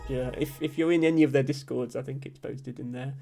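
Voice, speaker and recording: A young man streaming, reading chat messages aloud and thanking viewers, with frequent ums and soft laughs. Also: mid-range voice, steady tone, a little fast, soft background music. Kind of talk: casual live-stream chat.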